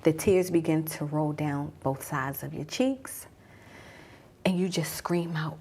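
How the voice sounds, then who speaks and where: A woman around forty, a mom coach, telling a personal story as a guided journey, dropping to a hush at tense moments. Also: sits low, a little slow, slightly rough.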